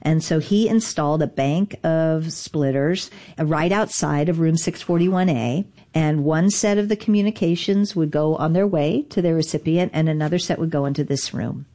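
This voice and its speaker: A woman with a low, mellow voice speaks at a moderate pace with hardly any pauses. She is a digital rights advocate appearing as an interview guest, recounting events candidly in a wry, self-deprecating, conversational storytelling style.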